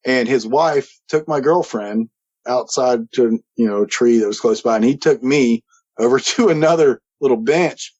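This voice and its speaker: A man telling a story in a casual, animated way as a guest, acting out the quoted voices and chuckling now and then. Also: medium pitch, normal speed. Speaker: guest recounting a paranormal experience. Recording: slightly dull lo-fi audio.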